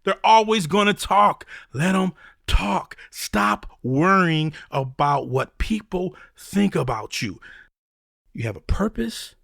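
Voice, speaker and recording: A man's voice: high-pitched, slow pace, vocal fry, dry recording, clean studio sound. A man hosting a motivational talk show, preaching with faith references and acting out the voices of doubters. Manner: preachy, animated, acts out voices of critics. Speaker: podcast host.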